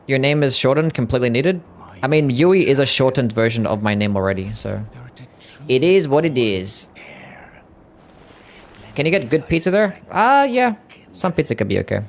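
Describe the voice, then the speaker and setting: Streaming a game for his viewers, a young Aussie guy with an Australian accent chats in a relaxed, sweary way. His medium-pitched voice has lively intonation, and he talks at normal speed with frequent pauses.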